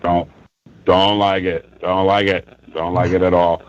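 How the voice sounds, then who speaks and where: A man's voice: sits low, flat delivery, measured pace, highs cut off. A man calling into a live show, ranting angrily with lots of swearing and bursts of laughter. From New York, US. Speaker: caller. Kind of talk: casual call-in chat.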